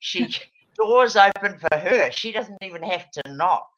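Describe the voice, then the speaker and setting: A woman's voice: medium pitch, lively intonation, unhurried, fairly bright tone, dull audio. A middle-aged woman, chatting in a rambling, digressive way with frequent laughs. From New Zealand. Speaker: guest, former radio presenter. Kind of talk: casual chat.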